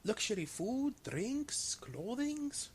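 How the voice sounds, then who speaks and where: A man voicing a fawning, haggling alien trader who speaks in halting, broken English. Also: extremely high pitch, big pitch swings, breathy edge, pitched above the performer's own voice, heavily acted. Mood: eager salesman.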